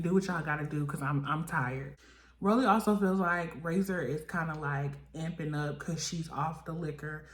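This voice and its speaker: A woman recapping a reality TV episode in casual chat, acting out the cast's lines with big jumps in pitch. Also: normal speed, echoey room. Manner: animated, acts out quotes with lively pitch jumps.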